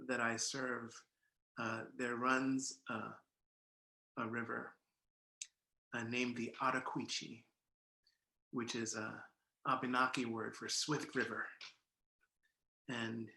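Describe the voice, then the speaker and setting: A male minister leads his congregation through a guided imagery passage in an unhurried way, pausing often on "uh" and "um." His voice is gravelly and bright and stays on a flat, even pitch. The recording carries a roomy echo. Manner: unhurried, with frequent "uh" and "um" fillers.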